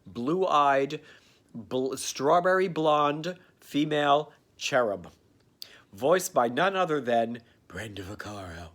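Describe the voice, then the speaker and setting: A man giving a campy, sarcastic comedic recap of a cartoon, dropping into quick character voices. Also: a little high, fairly bright tone. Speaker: comedic reviewer.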